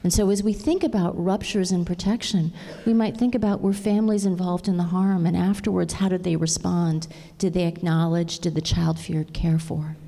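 A woman's voice: fairly low pitch, steady tone, normal speed, gravelly, warm tone. A middle-aged woman giving a conference plenary talk, earnest and engaging, often checking in with the audience. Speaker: conference speaker. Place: large conference hall. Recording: long reverb of a large hall.

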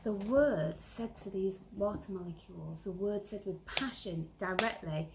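A woman vlogger giving earnest self-help advice, stressing and repeating key phrases and sometimes dropping to a soft whisper. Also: mid-range voice, moderate pace, hardly any pauses, a little hiss or hum, low-quality recording. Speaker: lifestyle vlogger. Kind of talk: motivational self-help talk.

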